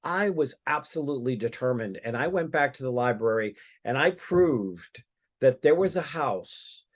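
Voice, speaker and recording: A man's voice: medium pitch, animated, moderate pace. Podcast guest, man, chatty storyteller, trips over his words. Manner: rambling, many restarts and fillers. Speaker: guest psychic medium. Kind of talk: casual storytelling.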